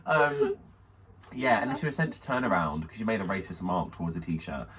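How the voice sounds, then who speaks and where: A man's voice: sits low, big pitch swings, fast talker, fairly bright tone, a little hiss or hum. A young man with an English accent, co-hosting a comedy podcast and telling a long, camp, gossipy story. He calls his co-host honey and mama, laughs often and acts out the people he quotes.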